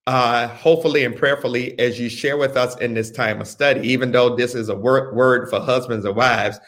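A man teaching a Bible study as a pastor, speaking deliberately, repeating phrases and telling listeners what to underline and circle. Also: medium pitch, fairly even intonation, a bit bright. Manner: slow, deliberate, repeats phrases and gives instructions.

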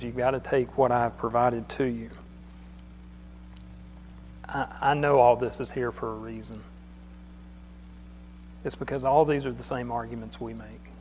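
A man's voice: mid-range voice, a little mellow, a little hiss or hum. A man preaching a sermon in a church hall, talking in a plain conversational way and often repeating his words. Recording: long hall reverb.

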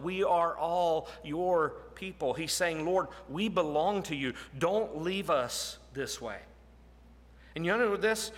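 A man preaching a sermon in an earnest, deliberate way, sinking to a low, soft voice for emphasis. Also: long reverb tail.

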